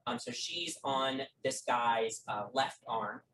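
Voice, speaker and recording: Game master, tabletop narration, halting, distant mic. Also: mid-range voice, fairly bright tone, slight background noise. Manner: halting, many fillers and restarts.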